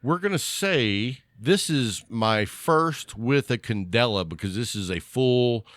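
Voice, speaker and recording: A relaxed man hosts a casual podcast chat, joking around and trailing off into fillers. His voice sits at an ordinary middle pitch. The sound is close and dry, with no room around it. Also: slow pace, no echo. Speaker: podcast host.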